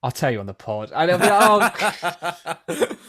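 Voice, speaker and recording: A man's voice: fairly high pitch, very animated, moderate pace, a bit bright. A young man on a casual podcast, recounting things in a wry, offhand way. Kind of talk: casual chat.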